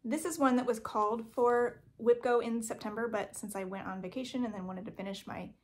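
Chatty woman with a slightly high voice. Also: fairly even intonation, fairly quick, a little hiss or hum. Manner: chatty, rambling, self-correcting with frequent ums. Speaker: cross stitch vlogger. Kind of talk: casual show-and-tell vlog. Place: home craft room.

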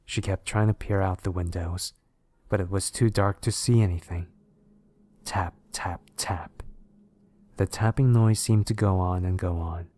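Man reading horror stories, very low voice, steady, measured storytelling. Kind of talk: scripted narration of horror stories.

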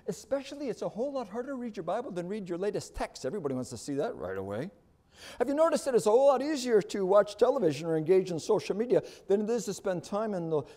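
A man's voice: high-pitched, mellow. A middle-aged male pastor preaching a sermon, building emphasis with rhetorical questions.

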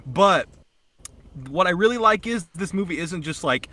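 A man's voice: high voice, lively intonation, moderate pace, pushed and bright. A young man co-hosting a podcast, chatting casually and swearing freely, full of fillers and restarts as he gushes about a film. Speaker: podcast co-host. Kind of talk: casual chat.

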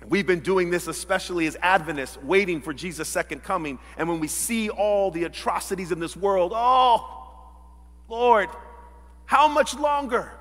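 A male pastor delivers a dramatic sermon in a high, ringing voice, slipping into quoted voices and shifting from loud outbursts to near whispers. His words trail off into a long reverb that fills the church sanctuary. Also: brisk, hardly any pauses. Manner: dramatic, acts out quoted voices, swings between loud and hushed.

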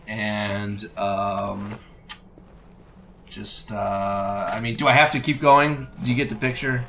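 A man's voice: lowish voice, steady tone, slow pace. A man hosting a let's play, chatting casually and teasing his co-host with jokey banter. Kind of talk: casual chat while playing.

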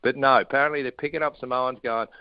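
A man's voice: medium pitch, steady tone, fast, clear, resonant tone, no echo, muffled recording. A middle-aged Australian man chatting casually as a radio guest, telling jokey stories from his home studio in a shed. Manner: laid-back, jokey storytelling. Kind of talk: casual chat.

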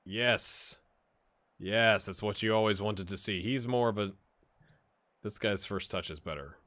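Bright-voiced man chatting over a game. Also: on the low side, a little slow. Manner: chatty, rambling, talks to the viewers. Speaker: gaming channel host. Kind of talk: casual let's-play commentary.

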